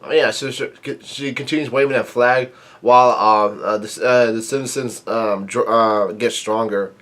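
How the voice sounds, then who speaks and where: A man casually recapping a manga chapter, rambling with many fillers and reading the dialogue out flatly. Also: mid-range voice, measured pace, slight background noise. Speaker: manga reviewer.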